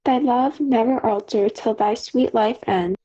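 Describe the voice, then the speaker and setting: A teenage girl voicing a modest, gentle young noblewoman, speaking verse in a school audio play. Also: on the high side, unhurried, lo-fi sound. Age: teens.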